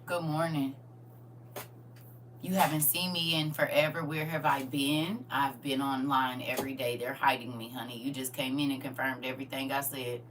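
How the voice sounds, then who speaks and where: Bright-voiced tearful woman teaching live. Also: a bass voice, normal speed, distant mic, a little hiss or hum. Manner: chatty and animated, calls viewers baby and honey. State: tearful, emotional. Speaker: Bible study host. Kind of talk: live-streamed Bible teaching.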